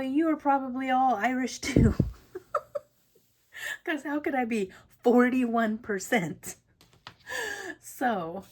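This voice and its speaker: A woman hosting a casual papercraft tutorial, chatty and rambling, often laughing between thoughts. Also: mid-range voice. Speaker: papercraft channel host. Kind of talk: casual crafting tutorial chat.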